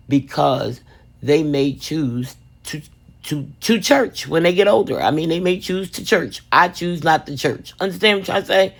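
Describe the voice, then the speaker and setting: Gravelly-voiced woman chatting casually. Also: sits low, normal speed. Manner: lively, chatty, addresses viewers as "baby". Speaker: resin craft vlogger. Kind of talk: casual storytelling and craft tips.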